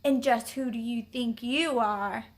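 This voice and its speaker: A woman voicing a scrappy, defiant male mutt dog in a storybook reading, speaking his lines a little lower. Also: unhurried. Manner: growled lines, spoken lower.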